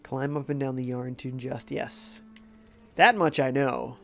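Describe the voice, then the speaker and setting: A man's voice: medium pitch, fairly even intonation, unhurried, creaky, fairly bright tone, faint music behind. Stuffy-voiced man streaming a game. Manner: laid-back, reads chat aloud. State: congested from a cold. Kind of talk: casual gameplay commentary.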